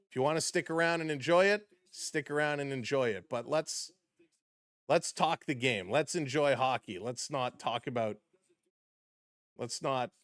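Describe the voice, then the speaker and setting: A man's voice: a bit bright, no room sound. A man streaming live hockey play-by-play in a casual way, greeting chat viewers between calls and rising sharply on big plays. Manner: rises sharply in pitch and volume on big plays.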